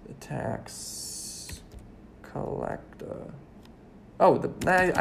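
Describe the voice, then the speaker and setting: A man's voice: mid-range voice, a little slow, darkish tone, a little hiss or hum. Young male podcaster, mid-range voice, rambles and trips over his words, gets heated. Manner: rambling, self-correcting, gets worked up. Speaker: podcast host. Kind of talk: solo podcast monologue.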